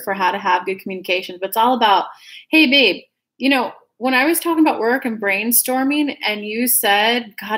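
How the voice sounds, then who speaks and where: Her voice is fairly high and a bit bright as she, a tarot reader, chats her way through an informal reading. Addressing her viewers as "guys," she wanders from thought to thought and often restarts what she's saying.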